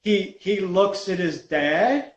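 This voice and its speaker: A man, a stunt comedian, telling a story in a lively, self-mocking way on a podcast. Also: sits high, slow, roomy sound, poor audio. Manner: animated storyteller, laughs at himself. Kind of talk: casual storytelling on a podcast call.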